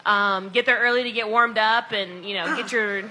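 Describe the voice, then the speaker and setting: A woman's voice: mid-range voice, fairly even intonation, moderate pace, sharp tone. A woman in her thirties co-hosting a casual podcast chat, chatty and a little tipsy, laughing as she talks. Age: 30s. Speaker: podcast co-host and event organizer.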